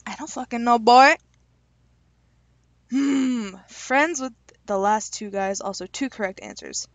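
Young woman, slightly high voice, joking casual vlogger, close dry mic. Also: sing-song, no room sound, lo-fi sound. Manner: chatty, self-deprecating, reads questions aloud and answers with quick jokes. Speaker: YouTuber taking online quizzes. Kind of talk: casual vlog commentary.

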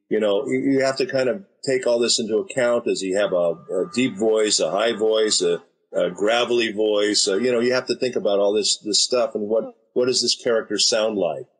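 A man's voice: on the low side, fairly even intonation, moderate pace, fairly bright tone, slightly rough, low-quality recording. An American man in his fifties, a voice actor and director, telling stories in an easygoing, anecdotal way as an interview guest. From United States. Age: 50s. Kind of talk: casual interview talk.

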